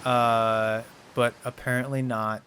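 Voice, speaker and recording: A man's voice: mid-range voice, level tone, slow pace, a bit bright, slight background noise. A man giving casual gameplay commentary as a let's play host, chatty and wondering aloud.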